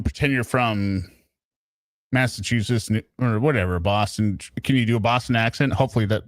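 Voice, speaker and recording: A man's voice: lowish voice, fairly quick, no room sound, clean studio sound. A man hosting a live stream, chatting casually and often tagging his points with "right?". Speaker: stream host.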